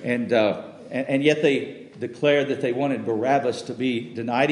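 A male pastor preaching a sermon in a church, halting and repeating words, then swelling to loud emphatic peaks. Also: mid-range voice, steady tone. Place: church sanctuary. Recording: echoey hall with long reverb.

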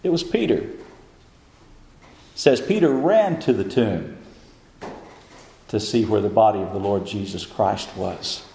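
A man preaching a sermon, building to fervent, high-pitched climaxes. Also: sing-song, unhurried, vocal fry, pauses often, warm tone. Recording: echoey hall.

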